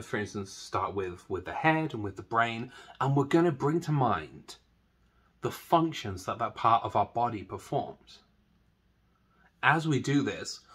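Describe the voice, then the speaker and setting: A man with a breathy, slightly husky voice leads a guided meditation. He talks in a chatty, self-deprecating way and then eases into a slow, soft meditation voice. His pitch sits in an ordinary middle range. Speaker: meditation teacher.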